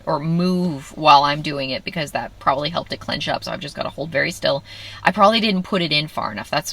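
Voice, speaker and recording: A woman's voice: low-pitched, vocal fry, fairly bright tone. A woman telling a candid personal story in a wry way, acting out what others said. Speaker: vlogger.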